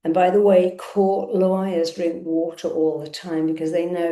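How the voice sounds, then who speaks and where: A woman's voice: lowish voice, flat delivery, normal speed, warm tone, reverberant. A woman therapist leading a live online session, coaching listeners through a self-help exercise and repeating affirmations with emphasis.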